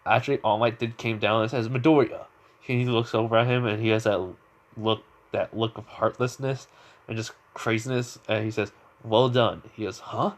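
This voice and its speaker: A man's voice: on the low side, flat delivery, moderate pace. A man telling an improvised fan story in a casual, rambling way, full of fillers and restarts.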